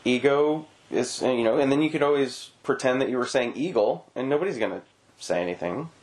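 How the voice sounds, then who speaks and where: A man's voice: mid-range voice, brisk, a little mellow. A man hosting a podcast interview, asking questions and cracking playful, rambling jokes. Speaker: podcast host. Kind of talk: casual interview chat.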